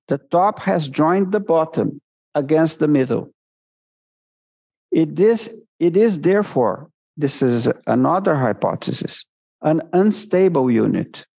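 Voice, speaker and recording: A man from Brazil, giving an academic lecture in English as a seminar guest speaker, measured and deliberate with self-corrections. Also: a little high, vocal fry, darkish tone, husky. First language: Portuguese.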